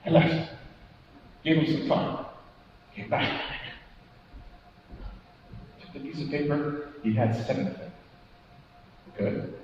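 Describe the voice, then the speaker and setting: A high-pitched man speaks as a motivational speaker at a conference. He questions the crowd, acts out little stories in quoted dialogue, and ends his points with "right?". The recording is dull and distant, with a heavy echo in a large hall and a faint hiss underneath. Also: takes it slowly, long pauses, darkish tone. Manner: engaging, keeps asking the audience questions and tagging "right?". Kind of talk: interactive conference keynote talk. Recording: echoey hall from far off, dull sound.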